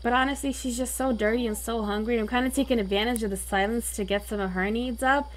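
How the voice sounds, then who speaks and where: Bright-voiced woman ranting over her game. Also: fairly high pitch. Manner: exasperated, dramatic, quick to excitement. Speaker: let's play host. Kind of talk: casual game commentary.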